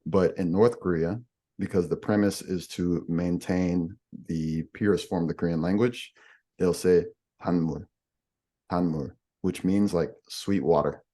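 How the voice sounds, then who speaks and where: Deep-voiced man patiently explaining. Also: steady tone, moderate pace, dark tone. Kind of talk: explanatory podcast conversation.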